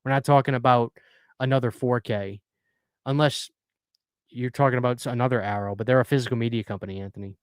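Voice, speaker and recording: A man hosts a casual live stream, chatting earnestly and reading viewers' messages aloud. His mid-range voice stays fairly even in intonation and moves fast, with a clear, resonant tone. The sound is studio quality, with no room sound.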